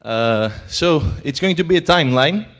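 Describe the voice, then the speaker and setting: A man's voice: fairly high pitch, expressive, moderate pace, fairly bright tone. A man with a Greek accent giving a talk at a conference, hesitant and full of filler sounds. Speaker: conference speaker. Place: conference hall.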